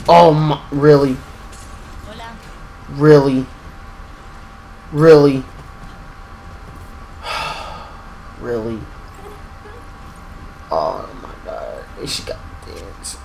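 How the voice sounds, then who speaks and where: A young man giving excitable live commentary while playing a game, exclaiming and talking to himself. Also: medium pitch, very slow, pauses often, slight background noise, poor audio. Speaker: gaming streamer.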